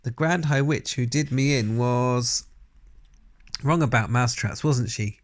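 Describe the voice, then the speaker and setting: A man's voice: medium pitch, unhurried, natural voice. A man voicing a clever young boy turned into a talking mouse in a storybook read-aloud, speaking eagerly and earnestly.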